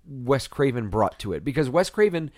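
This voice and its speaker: A man of middle pitch talking movies on a podcast, his voice jumping up and down as he gets worked up. He swears freely and riffs fast. The mic is close and dry, with no room sound. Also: sing-song, darkish tone, no echo. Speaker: podcast co-host. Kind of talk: casual movie review chat.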